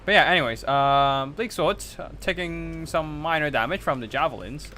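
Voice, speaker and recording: A man's voice: on the high side, moderate pace, sharp tone, slight background noise. A man with a slightly raised voice casts a strategy game tournament live. He talks loosely and conversationally, breaking off his play-by-play to answer viewer chat. The sound comes across as a streamer speaking into a desk mic.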